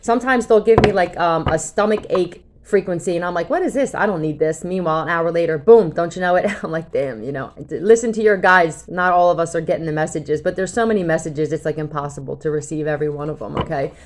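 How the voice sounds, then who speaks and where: A woman's voice: fairly low pitch, fast, few pauses. Blunt, casually cursing woman. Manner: casual and blunt, curses freely, often checks in with "okay?". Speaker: tarot reader. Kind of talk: casual talk to camera.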